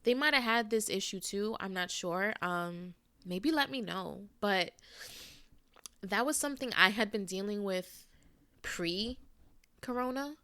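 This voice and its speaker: A woman's voice: medium pitch, expressive, a little slow, bright, forceful tone, smooth, no echo. A young woman hosting her own podcast, talking candidly and casually, swearing now and then and getting teary. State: tearful, emotional. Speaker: podcast host. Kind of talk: casual solo podcast monologue.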